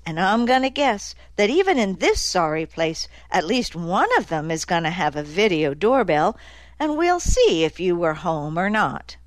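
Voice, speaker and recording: A woman's voice: lowish voice, very animated, normal speed, dry recording. A woman voicing a hard-edged male detective who is sardonic and cutting, in an audiobook. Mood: angry. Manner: dry, cutting, needling. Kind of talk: audiobook character voice.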